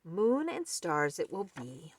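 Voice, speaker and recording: A woman voicing a timid, excitable little female mouse in a storybook, with a squeaky voice. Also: slow, breathy edge, full character voice. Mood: excited.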